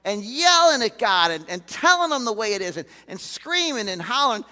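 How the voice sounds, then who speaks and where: A man preaching a sermon as a pastor, candid and animated, often acting out the voices he quotes. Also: high voice, fairly quick. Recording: reverberant hall.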